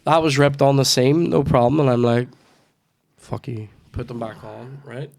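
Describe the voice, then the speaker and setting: Gravelly man telling a story. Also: mid-range voice, normal speed, a little mellow. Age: 30s. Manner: swears freely, restarts lines, acts out his mum in quoted asides. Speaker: podcast host. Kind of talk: casual comedic storytelling.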